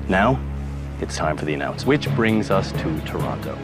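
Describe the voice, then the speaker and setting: A man with a somewhat low voice who gives driving instructions and reassurance in a firm, calm way. He moves between steady coaching and formal, announcement-style delivery. Loud music plays behind him. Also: fairly quick. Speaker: show host and driving instructor.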